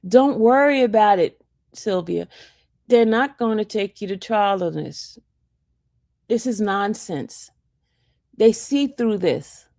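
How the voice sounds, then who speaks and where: A woman quoting a calm, nonchalant male attorney who reassures her. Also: medium pitch, no room sound, clean studio sound, lightly acted.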